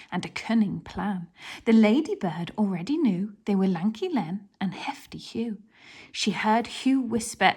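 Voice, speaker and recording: A woman reading a children's picture book aloud in an expressive voice, dropping to a whisper for some passages. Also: medium pitch, breathy edge. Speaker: children's story reader.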